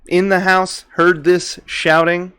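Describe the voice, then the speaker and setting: A man running a tabletop game as game master, relaxed and quick to laugh. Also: high-pitched, smooth, no room sound.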